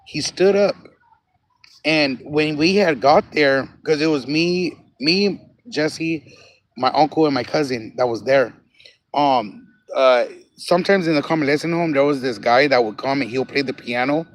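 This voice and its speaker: A man's voice: a little high, lively intonation, measured pace, pauses often. A man on a phone livestream outdoors at a cemetery, telling a personal story casually, laughing often, repeating phrases and getting emotional. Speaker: livestream host.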